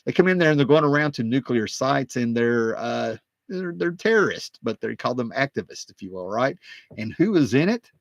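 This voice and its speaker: Man, casual host, excited and digressive, average pitch, dry close sound. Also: moderate pace, gravelly, no echo. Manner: excited, digressive, many fillers. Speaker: comic book collector and video host. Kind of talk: casual rambling talk.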